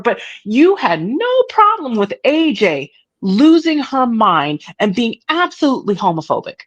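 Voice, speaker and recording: A woman co-hosting a live stream chat, mocking and blunt, often mimicking others in a high voice. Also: very animated, normal speed, highs cut off. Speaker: stream co-host. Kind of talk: casual chat.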